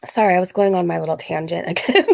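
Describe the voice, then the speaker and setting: Creaky-voiced woman chatting on a live Q&A. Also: on the low side, fast, a little mellow. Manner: rambling, filler-heavy talk with frequent "like"; reads out and answers chat comments. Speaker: channel host answering viewer questions. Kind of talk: casual live Q&A chat.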